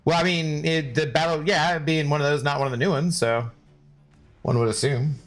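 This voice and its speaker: A man's voice: a little high, fairly even intonation, a little fast, faint music behind. A man live-streaming a game, joking and bantering as he answers his chat. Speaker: gaming streamer.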